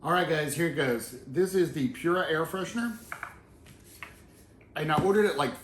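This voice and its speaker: A man's voice: a little high, moderate pace. A man hosting his channel, casually chatting through a product unboxing in an easygoing, rambling way with loose fillers. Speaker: product reviewer and channel host. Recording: roomy echo, faint background noise.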